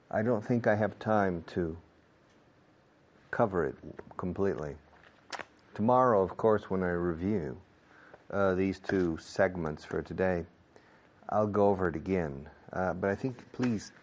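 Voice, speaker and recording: A man's voice: low voice, slight background noise. A man teaching English, explaining in Spanish and repeating example sentences. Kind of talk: bilingual English lesson.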